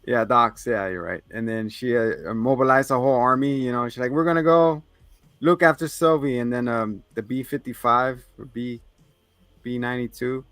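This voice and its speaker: A man's voice: medium pitch, fairly even intonation, moderate pace, a bit bright, no room sound. A man co-hosting a podcast, casually recapping episodes in a rambling way, with fillers and laughs. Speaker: podcast co-host.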